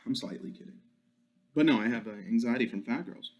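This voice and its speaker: A young man talks alone into a podcast mic in a crude, joking rant full of profanity. His voice sits at an ordinary mid pitch. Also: brisk, a little mellow. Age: young adult. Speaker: podcast host. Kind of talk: solo podcast monologue.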